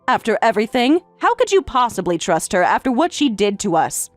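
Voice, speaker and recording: A woman voicing a middle-aged stepmother, speaking in a calm, detached and formal way. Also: on the high side, fairly quick, dry recording, faint music behind. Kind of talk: story narration with voiced roles.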